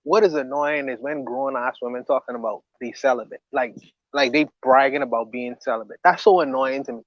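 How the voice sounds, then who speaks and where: A man's voice: mid-range voice, a little fast, no room sound. A man co-hosting a podcast who speaks in a blunt, slangy, opinionated way. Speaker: podcast co-host. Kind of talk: casual podcast chat. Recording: dull lo-fi sound.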